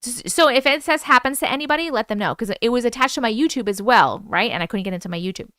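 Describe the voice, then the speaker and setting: A woman hosting a livestream, casually telling a story, animated and profane, acting out the voices she quotes. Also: a little high, quick pace, no echo, clean studio sound. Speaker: host. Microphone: wireless clip-on mic.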